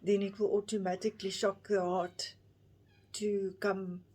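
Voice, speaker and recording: A woman in her fifties tells a personal story straight to camera, stopping and restarting often as emotion catches her. Her voice sits at an ordinary middle pitch for a woman. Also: flat delivery, mellow, slightly rough. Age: 50s. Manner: halting, emotional retelling with many restarts. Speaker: vlogger.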